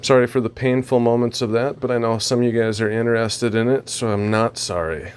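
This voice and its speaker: A man vlogging a casual walkthrough of his home reef tank equipment, relaxed and rambling with fillers and asides. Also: medium pitch, brisk, a little hiss or hum. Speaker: aquarium hobbyist vlogger.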